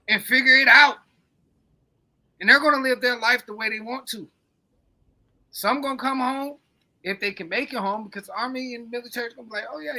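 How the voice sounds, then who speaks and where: A man's voice: very high-pitched, sharp tone. A man co-hosting a podcast, rambling in casual, profane, emphatic chat. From coastal United States. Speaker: podcast co-host.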